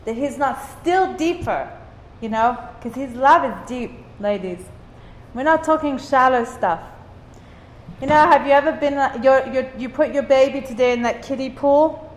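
A woman slowly and earnestly encouraging a women's group with a faith talk. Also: high-pitched, echoey room, big-room sound, rough recording.

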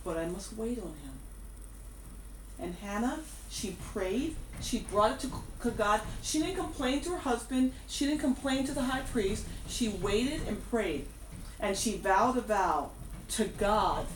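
A woman's voice: medium pitch, expressive, slow. Woman preaching a sermon, lots of emphasis and repeats, faint room noise behind, sounds a bit far off. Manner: emphatic, repeats key phrases. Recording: echoey room, distant mic, faint background noise.

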